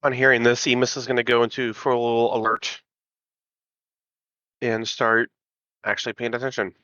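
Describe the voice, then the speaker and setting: A man playing a tabletop game in a relaxed, easygoing way. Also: medium pitch, moderate pace, no room sound, highs cut off. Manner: relaxed, laughs easily. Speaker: player. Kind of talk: casual tabletop play.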